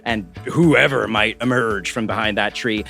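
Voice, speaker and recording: A man running a tabletop game, narrating scenes in a lively, casual storytelling way. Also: on the low side, unhurried, creaky, soft background music. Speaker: game master.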